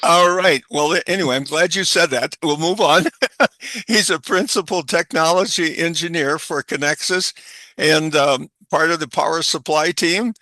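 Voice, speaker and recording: A man's voice: fairly high pitch, normal speed, pushed and bright, no room sound. A man hosting a webinar, introducing the guest speaker in a loose, rambling way. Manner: loose, rambling, restarts and chuckles.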